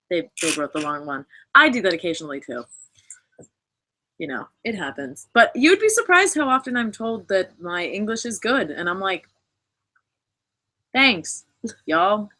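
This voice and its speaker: A woman's voice: lowish voice, sing-song, a little fast, pushed and bright. A young American woman in casual live chat, talkative and playful. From United States. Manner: talkative, playful, switches into German. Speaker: guest.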